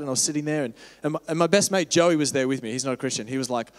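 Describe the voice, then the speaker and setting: A man's voice: mid-range voice, rapid-fire. A young man giving a casual, candid church talk with a personal story, rambling with many fillers. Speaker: church speaker on mission. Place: church hall. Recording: echoey church hall.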